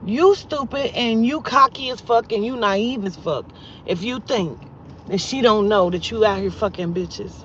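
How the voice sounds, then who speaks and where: A blunt, foul-mouthed woman tells a story straight to her viewers, jumping from loud outbursts to low, muttered asides. Her voice sits at an ordinary middle pitch. The sound is dull and lo-fi, with a faint hum of a vehicle behind her. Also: measured pace. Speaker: vlogger and spiritual reader.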